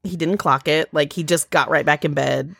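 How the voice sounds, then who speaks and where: A woman's voice: low voice, normal speed, vocal fry, breathy edge, dry recording, clean studio sound. A woman in her thirties co-hosting a podcast, telling a long story in casual chat with lots of fillers and acted-out quotes. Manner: rambling, animated storytelling with fillers and quoted voices. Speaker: podcast co-host.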